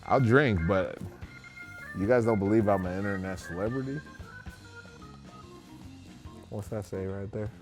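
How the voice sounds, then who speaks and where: Deep-voiced tipsy young man rambling. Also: moderate pace, soft background music. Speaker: interview guest. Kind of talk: drunken casual interview.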